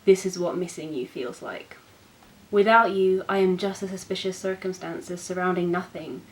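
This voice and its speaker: Expressive young woman reading poems. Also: on the low side, normal speed, poor audio. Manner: expressive, self-mocking. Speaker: book channel host. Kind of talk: poetry reading.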